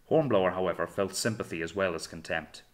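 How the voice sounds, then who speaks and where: A man reading a novel aloud in measured, dramatic storytelling narration. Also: low voice. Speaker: audiobook narrator. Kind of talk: scripted narration.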